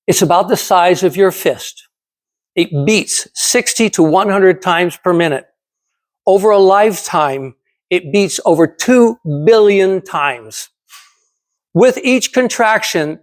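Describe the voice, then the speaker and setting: A man in his seventies delivers a prepared motivational speech to a speaking club. His voice sits high for a man. He speaks emphatically, poses rhetorical questions to the audience and hammers his points home through repetition. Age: 70s.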